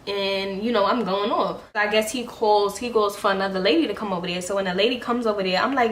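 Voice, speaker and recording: A woman's voice: medium pitch, steady tone, fast talker, hardly any pauses. A young woman beauty vlogger telling a story in a heated, blunt, profane way while getting ready. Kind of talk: get-ready-with-me storytime chat. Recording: echoey room, faint background hiss.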